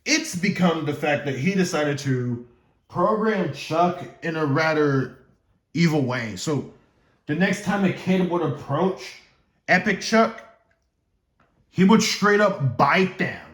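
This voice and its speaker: A man's voice: on the high side, lively intonation, slow, fairly bright tone, roomy sound. A man casually explaining the story of his own fan game series, rambling and stumbling without a script, joking to himself. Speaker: gaming YouTuber.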